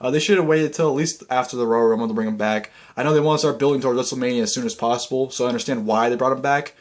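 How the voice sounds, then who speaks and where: A young man giving a casual, rambling video recap that is full of fillers and bursts of excitement. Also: medium pitch, rapid-fire. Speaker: vlogger.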